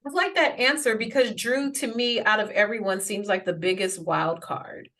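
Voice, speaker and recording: A woman of middling pitch hosts an interview. She builds her questions slowly, with many fillers and side remarks. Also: fairly bright tone. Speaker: host. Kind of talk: interview conversation.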